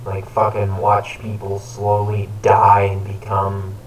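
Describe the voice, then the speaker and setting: A man's voice: fairly low pitch, monotone, slow pace. A man chatting casually during a game, teasing and sarcastic, with crude swearing. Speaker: gaming co-host. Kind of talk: casual gaming chat. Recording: echoey room, distant mic, faint noise.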